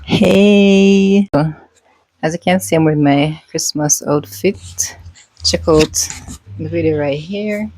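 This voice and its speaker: A Jamaican woman vlogging in a relaxed, unhurried way. She has a somewhat low, mellow voice and drifts into patois as she chats. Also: slight background noise, rough recording. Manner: relaxed, mixes patois into chat. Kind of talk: casual vlog chat.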